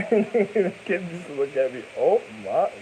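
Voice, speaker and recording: A man talks in a loose, rambling way, trading stories and breaking into laughter as he goes. His voice sits a little high for a man. A clear layer of noise runs under the recording. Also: lively intonation, takes it slowly, warm tone. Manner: rambling, laughs often, chanting snatches of song. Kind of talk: casual storytelling chat. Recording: noisy recording.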